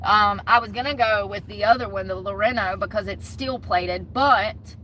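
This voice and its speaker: A Southern woman vlogs in a blunt, heated rant and swears without a second thought. Her voice has a bright, cutting edge. Faint vehicle noise hums underneath. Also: medium pitch, normal speed. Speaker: vlogger. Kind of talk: casual ranting vlog.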